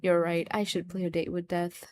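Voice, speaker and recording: A woman streamer and voice actor chatting live on stream, excitable and repetitive, swearing freely. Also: on the low side, moderate pace. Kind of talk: casual livestream chat.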